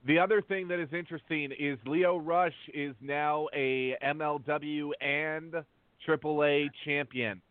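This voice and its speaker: A man's voice: fairly high pitch, fairly even intonation, no room sound. Guy co-hosting a podcast, lots of ums and uhs, tinny phone line, dry sound. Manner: halting, many fillers while reading names. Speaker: podcast co-host. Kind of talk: casual podcast chat.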